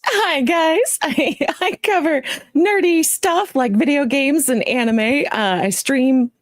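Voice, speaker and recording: A woman's voice: high-pitched, takes it slowly, dry recording, studio quality. A woman co-hosting a casual podcast, easygoing and giggly. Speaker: co-host. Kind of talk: casual chat.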